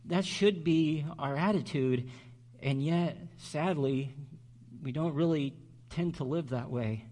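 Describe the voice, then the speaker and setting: A man preaching a sermon as pastor, earnest and slowing down on key words for emphasis. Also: on the high side, dark tone.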